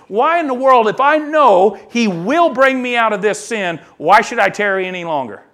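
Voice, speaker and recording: A man preaching a sermon, reading scripture aloud and acting out the voices in it, swinging between quiet asides and loud emphatic lines. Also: high-pitched, expressive, normal speed, few pauses. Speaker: pastor.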